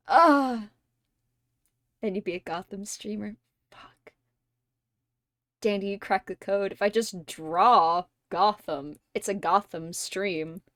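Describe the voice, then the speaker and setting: A woman hosting a casual livestream chat with viewers. She laughs constantly, swears freely and gushes like an excited fan. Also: mid-range voice, takes it slowly, long pauses, no echo. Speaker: streamer host.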